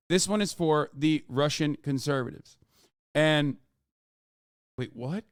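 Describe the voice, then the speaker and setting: A man hosts a livestream, reacting to a clip with animated, profanity-laced commentary. His voice sits fairly high for a man. The sound is close and dry, with no room in it. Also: no room sound. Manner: animated, profane, talks over a played clip. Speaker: livestream host.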